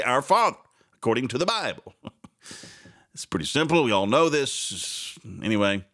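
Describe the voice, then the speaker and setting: A man's voice: medium pitch, fairly bright tone. A man hosting a morning talk radio show, reading news aloud with sarcastic, chatty asides and frequent laughs. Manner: reads news items aloud with running commentary. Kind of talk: casual talk radio commentary.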